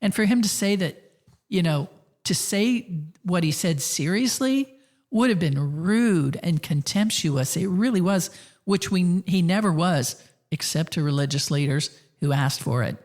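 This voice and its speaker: A woman with a fairly low voice hosts a relaxed podcast chat. She tells stories in an easygoing way, laughing often between thoughts. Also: a little slow. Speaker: podcast host. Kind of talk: casual conversation.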